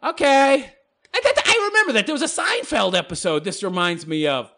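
High, lively, mocking male vlogger. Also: a little fast. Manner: scornful, rambling, with frequent laughter. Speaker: channel host responding to comments. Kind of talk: mocking commentary monologue.

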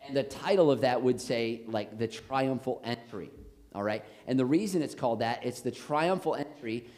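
A man with an American accent, a pastor preaching a lively, jokey sermon in a church on a handheld mic. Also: medium pitch, normal speed. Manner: animated, jokey, rising to shouts on quotes. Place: church sanctuary. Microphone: handheld microphone, later switched off.

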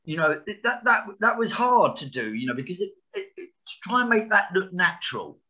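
A man's voice: high voice, sing-song, brisk, sharp tone, muffled recording. A man in his sixties, an actor guest in a podcast interview, talking frankly and bluntly with swearing and frequent restarts. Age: 60s.

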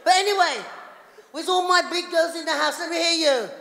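A woman's voice: very high-pitched, brisk, creaky, a bit bright. A woman performing a chatty stand-up comedy set, teasing the audience. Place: large hall on stage. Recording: echoey reverberant hall, faint noise.

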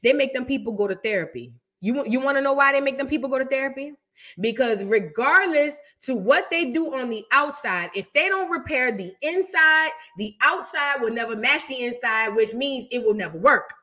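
A young woman with a high-pitched voice delivers celebrity gossip live. Her talk is brash, profane and mocking, and her tone is sharp and bright. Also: animated, moderate pace. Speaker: host reacting to celebrity news. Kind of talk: unscripted livestream commentary.

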